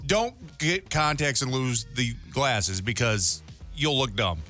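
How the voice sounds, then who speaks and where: A man co-hosting a casual podcast, trading teasing, deadpan jokes. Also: medium pitch, takes it slowly, faint music behind. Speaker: co-host.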